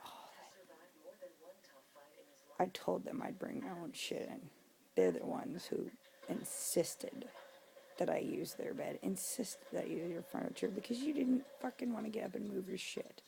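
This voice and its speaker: A woman's voice: medium pitch, fairly even intonation, measured pace, vocal fry, pauses often, dark tone, rough recording. A young woman venting in a casual vlog, drunk, swearing a lot and dropping to a whisper now and then, recorded indoors at home. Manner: venting, profane, drops to a whisper. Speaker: vlogger.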